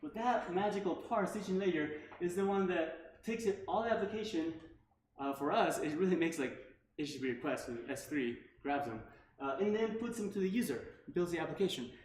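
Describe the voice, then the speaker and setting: A man's voice: sits high, animated, a little fast, a little mellow. Casual man giving a meetup tech talk. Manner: casual, filler-heavy, frequent "like" and "right?". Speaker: meetup speaker. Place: meetup room. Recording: echoey room, faint background noise.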